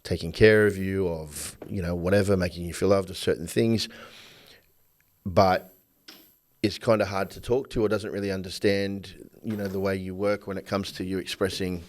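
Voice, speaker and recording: A man hosting a podcast in casual conversation, who gets animated acting out quoted arguments. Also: deep voice, moderate pace. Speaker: podcast host.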